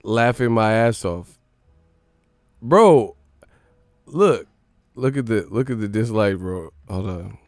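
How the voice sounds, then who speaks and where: A man's voice: on the low side, expressive, slow, pauses often, no room sound. Young guy on a live stream, swears a lot, mocks his chat, dry close mic. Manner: swearing, laughing, mocking chat, slangy.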